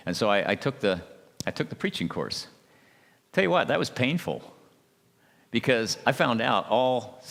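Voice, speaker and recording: A man, an ordained minister, giving a folksy, anecdotal talk at a church marriage seminar and gently teasing his audience. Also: low voice. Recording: reverberant hall sound.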